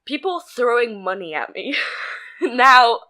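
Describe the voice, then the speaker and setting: A woman's voice: a little high, very animated, takes it slowly, sharp tone. A young woman, telling a story with laughter and swearing in a casual podcast chat. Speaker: podcast co-host.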